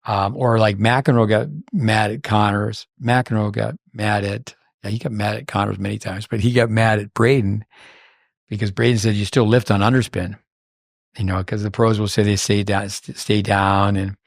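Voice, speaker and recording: A man's voice: fairly low pitch, level tone, moderate pace, gravelly, no echo, clean studio sound. An older man hosting a podcast, telling long rambling anecdotes full of fillers and restarts in casual chat. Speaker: podcast host.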